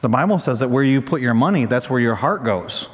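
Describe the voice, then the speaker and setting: A man's voice: mid-range voice, animated, a little fast. A male pastor preaching a sermon, telling stories in a conversational way and building to emphatic peaks. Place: church sanctuary. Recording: long reverb of a large hall.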